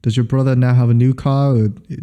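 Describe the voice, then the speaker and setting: A man's voice: mid-range voice, steady tone, a little fast, dull audio. A man co-hosting a casual podcast, stammering and repeating words as he asks questions. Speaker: podcast co-host.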